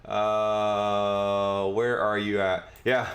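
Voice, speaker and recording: A man's voice: fairly low pitch, level tone, very slow, fairly bright tone, reverberant. A man hosting a casual livestream, explaining a technical topic in a rambling way with many fillers and side jokes. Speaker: podcast host.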